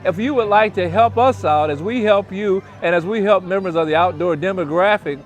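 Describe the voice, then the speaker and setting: A man's voice: high voice, soft background music. A man from an advocacy group making a friendly, earnest appeal for support at an outdoor festival booth. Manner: friendly, earnest, rushed sign-off. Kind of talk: public appeal to camera.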